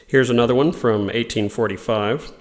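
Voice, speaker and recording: A man's voice: medium pitch, normal speed, long reverb tail. A man giving an informal religious lesson, explaining ideas in a thoughtful way and reading quotations aloud. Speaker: religious teacher.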